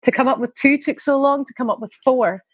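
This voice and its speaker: A woman's voice: sits high, fairly quick, husky, dry recording, dull audio. A woman chatting as a podcast guest, rambling and interrupting herself, laughing often. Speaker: guest parent. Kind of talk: casual conversational chat.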